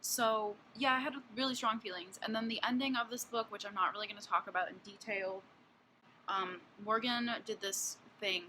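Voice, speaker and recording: A woman's voice: mid-range voice, steady tone, moderate pace, sharp tone, a little hiss or hum. A woman in her twenties giving a casual book review vlog, blunt and candid, swearing freely and peppering her talk with fillers. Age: 20s.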